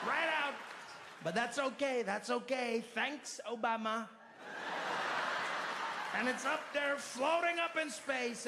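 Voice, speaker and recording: A man's voice: extremely high pitch, echoey room, voice pushed up. A comedian doing an impression of a boastful, rambling older male leader, drawling and repeating himself in a noisy live room. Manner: drawling, repetitive, bragging. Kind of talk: stand-up impression.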